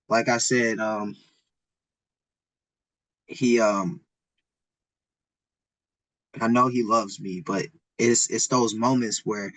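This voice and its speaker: A man, a wrestling coach, speaking as a podcast guest in an earnest, halting, emotional way about his faith. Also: fairly low pitch, steady tone, a bit bright, dry recording, poor audio. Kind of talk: podcast interview.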